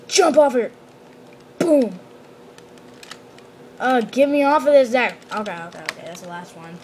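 An excitable woman commenting on a game as she plays, often bursting into exclamations. Her voice is fairly high, with a faint background hum. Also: measured pace, long pauses. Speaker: gamer. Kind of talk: gameplay commentary.

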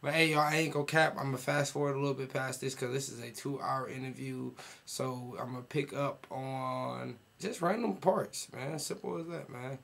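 A man's voice: mid-range voice, steady tone, normal speed, vocal fry, few pauses, a bit bright. A man hosting a reaction video, chatting casually and straight to his viewers in slangy, laid-back talk.

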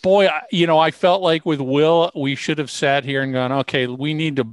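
A man's voice: fairly high pitch, normal speed, clear, resonant tone, dry recording, studio quality. A man co-hosting a podcast, chatty and prone to rambling side stories. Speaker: podcast co-host. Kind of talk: casual podcast chat.

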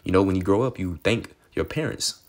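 A man preaching a casual street-style sermon, reading scripture aloud and talking conversationally, often tagging lines with "okay" and "man" and swearing freely. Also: deep voice. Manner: excitable, sometimes rushes or drops to a murmur.

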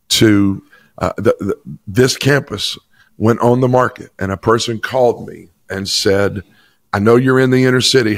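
Gravelly low-voiced pastor telling a story. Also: male voice, fairly bright tone, dry recording. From Chattanooga, Tennessee. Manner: emphatic storytelling testimony. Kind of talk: interview storytelling.

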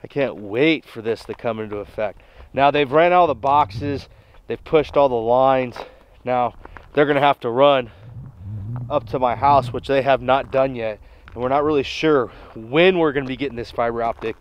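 A man's voice: medium pitch, moderate pace, clear, resonant tone, dull audio. A man who runs a small family farm, talking in a chatty, down-to-home way as he walks through a casual farm vlog. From Nebraska. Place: farmyard outdoors, then inside a torn-up house.

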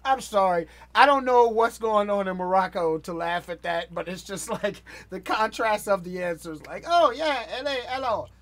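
A man's voice: high-pitched, normal speed, few pauses, a bit bright. A man hosting a reaction video, chatting casually and laughing often as he talks over a clip.

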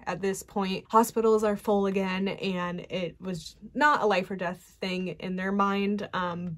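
A young woman vlogger telling a personal story to camera, candid and emotional, with frequent fillers. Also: mid-range voice.

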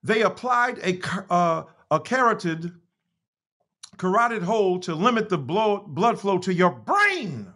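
Brief: American man on a video call, husky voice, pitch swinging widely, emphatic reading. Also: very animated, unhurried, bright, forceful tone. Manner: impassioned, emphatic, apologetic asides. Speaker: guest author. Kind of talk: reading aloud in a virtual talk.

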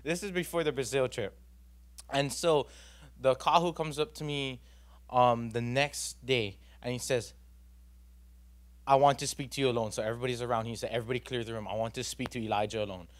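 A man's voice: medium pitch, steady tone, a little fast. A young man, giving an earnest, rambling personal testimony at a church youth gathering, full of fillers and restarts.

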